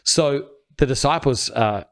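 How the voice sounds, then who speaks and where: A man co-hosting a talk show, explaining a Bible passage in an earnest, step-by-step teaching style, and dropping quiet and low when he quotes scripture. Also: unhurried. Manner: earnest, builds points step by step. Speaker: podcast co-host.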